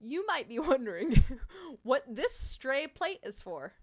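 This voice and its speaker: A young woman with a Midwestern American accent chats with her stream viewers in an animated, loose way. Her voice sits a little high, and she swears and laughs often as she talks. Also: takes it slowly. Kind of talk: casual chat with viewers.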